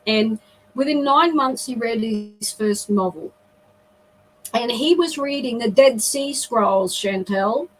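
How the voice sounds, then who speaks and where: Middle-aged woman, earnest storyteller, a bit high-voiced, faint background hiss. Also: slow pace, low-quality recording. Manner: emotional, earnest, with frequent restarts. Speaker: guest. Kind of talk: personal storytelling.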